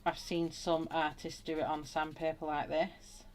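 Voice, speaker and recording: A woman's voice: low-pitched, little pitch movement, measured pace, slight background noise. A woman hosting a live colouring tutorial, thinking aloud as she works and greeting viewers in the chat with frequent laughs. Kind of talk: live colouring demonstration, chatty.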